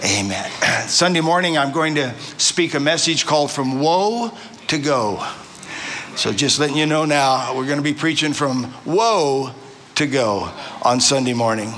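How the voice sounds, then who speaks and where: An older man in his sixties preaching with exuberant warmth toward his listeners. His voice sits a little high and sounds forceful and bright, and he trips over and restarts his phrases as he goes. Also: unhurried, slight background noise. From Arizona. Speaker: visiting pastor. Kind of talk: sermon.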